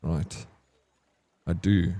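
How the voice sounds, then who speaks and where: A man with a relaxed South African accent chats loosely on a live game stream. His voice sits low and warm. He rambles and restarts his sentences often. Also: extremely slow. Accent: English South African. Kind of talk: casual gaming stream chat.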